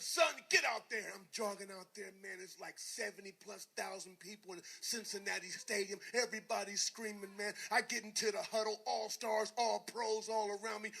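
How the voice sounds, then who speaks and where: Motivational speaker, man, bright and high-pitched; animated storytelling that drops low and then bursts out loud. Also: gravelly, husky. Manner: animated, swings from quiet to shouting. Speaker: motivational speaker, former football player. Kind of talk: storytelling speech to a live audience.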